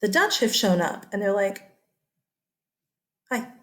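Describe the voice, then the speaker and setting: A woman's voice: medium pitch, very animated, moderate pace, a bit bright. A woman teacher giving a casual, chatty history lecture over slides. She often checks in with her listeners.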